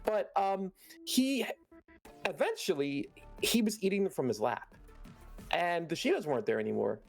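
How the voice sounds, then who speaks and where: A vtuber guest on a stream who tells a story in a casual, animated way and laughs often. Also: medium pitch, normal speed, gravelly, soft background music.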